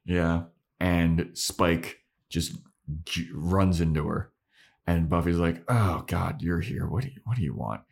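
A man co-hosting a podcast, retelling a show's scenes in casual chat and acting out the characters' lines with quick put-on quotes and plenty of swearing. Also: low-pitched, creaky. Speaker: podcast co-host.

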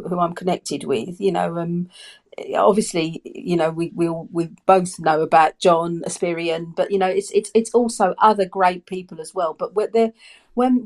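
A woman's voice: lowish voice, a little mellow. A woman guest on a podcast, a personal branding coach, talking earnestly with many restarts. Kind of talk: casual podcast chat.

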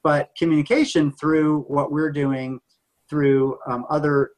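A man's voice: a little high, little pitch movement, unhurried, rough recording. A man who works in public health, a guest in an interview, explaining complicated issues thoughtfully. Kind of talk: conversational interview.

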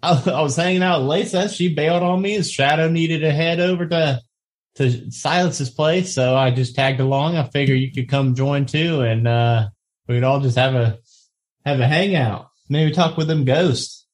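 A man's voice: a little high, normal speed. A man playing a tabletop role-playing game, talking loosely and playfully in character. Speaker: tabletop player.

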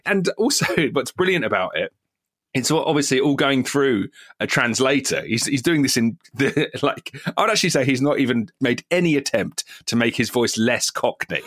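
A man co-hosting a podcast in casual chat, telling anecdotes in an animated way and laughing as he goes. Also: medium pitch, normal speed.

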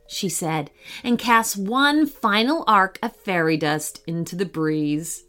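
A woman's voice: mid-range voice, slow pace, sharp tone, soft background music. A woman narrating a children's story expressively, acting out the characters.

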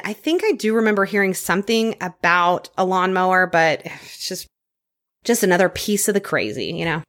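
A woman co-hosting a true crime podcast, telling the case in a lively, storytelling way and reading details aloud. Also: fairly low pitch, moderate pace. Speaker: podcast co-host.

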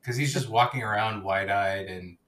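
A man's voice: on the low side, moderate pace. A man co-hosting a podcast, telling stories in casual chat and laughing often. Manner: animated storytelling, laughs often. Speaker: podcast co-host.

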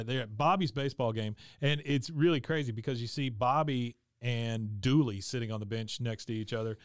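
A man's voice: no room sound, studio quality. A man casually recapping a cartoon episode on a podcast, narrating scenes and briefly voicing the characters' lines. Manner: retells scenes, acting out character lines with raised pitch; frequent fillers and restarts while narrating. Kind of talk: casual chat.

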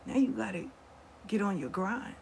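A woman's voice: mid-range voice, lively intonation, normal speed, gravelly, a little hiss or hum. A middle-aged woman telling stories from her life in blunt, profane casual talk, acting out the voices of the people she quotes. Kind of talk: casual storytelling.

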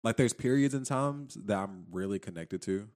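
A man's voice: fairly low pitch, expressive, moderate pace, darkish tone. A man chatting casually and reflectively, retelling something he saw with quoted lines. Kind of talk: casual chat.

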